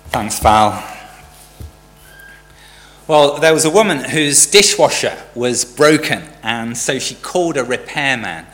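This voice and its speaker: A man's voice: medium pitch, animated, slow, a bit bright. A man preaching a sermon in a conversational storytelling way. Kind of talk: sermon with a joke. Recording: church hall reverb with faint hum.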